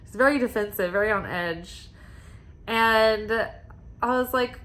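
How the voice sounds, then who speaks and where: A woman's voice: fairly low pitch, fairly quick. Chatty woman reading oracle cards. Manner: rambling, confiding, many "like" fillers; soft and quiet at times, with sighs and laughs. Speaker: oracle card reader. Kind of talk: casual spiritual card-reading vlog.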